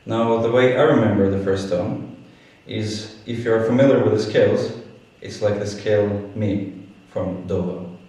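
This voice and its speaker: A man's voice: fairly low pitch, steady tone, a little slow, darkish tone, heavy reverb, recorded from a distance, rough recording. A man teaching a beginner language lesson, explaining patiently step by step.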